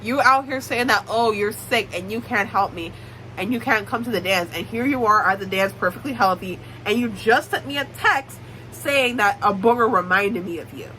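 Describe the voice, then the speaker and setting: A woman's voice: medium pitch, moderate pace, bright, forceful tone, slight background noise, lightly acted, poor audio. A young woman voicing an anxious, indignant teenage girl confronting a boy. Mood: upset. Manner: flustered, indignant.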